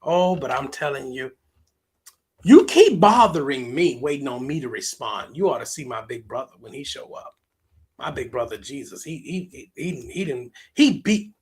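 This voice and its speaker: A man with a breathy, mid-range voice preaches as pastor, going back and forth with his congregation through call-and-response. Scripture quotes come out drawn-out and sing-song.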